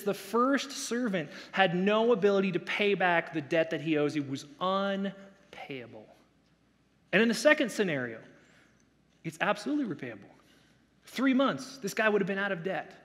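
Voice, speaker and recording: Pastor, male, high-pitched, casual storytelling sermon with voiced quotes, reverberant church hall. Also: fairly bright tone. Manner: conversational preaching with playful asides and acted quotes.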